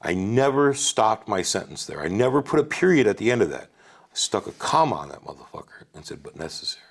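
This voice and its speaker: Talking fairly quickly in a lowish, creaky voice with a breathy edge, a Wisconsin man in his forties shares his life story on a podcast. He's casual, animated and profane, with a habit of asking "right?".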